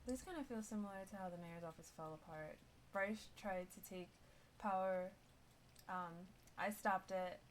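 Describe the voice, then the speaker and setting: A woman in casual roleplay chat who weighs things out loud and keeps asking questions. She has a mid-range voice, with faint background noise under it. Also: mid-range voice, moderate pace.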